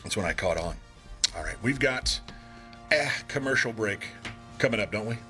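A man's voice: lowish voice, lively intonation, normal speed, pushed and bright, faint music behind. A man hosting a call-in radio swap show, reading items for sale and trading jokes with his co-host. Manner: joking, reads listings aloud. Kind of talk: casual radio swap-shop chat.

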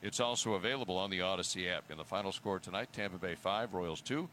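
Deep bright baseball broadcaster. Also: male voice, a little hiss or hum. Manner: measured, formal. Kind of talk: broadcast sign-off.

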